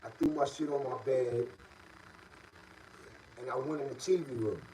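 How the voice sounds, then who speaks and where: A middle-aged man from the Bronx with a New York City accent, telling a story in a casual, streetwise way and rising loud and high when worked up. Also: normal speed, recorded from a distance, a little hiss or hum, low-quality recording.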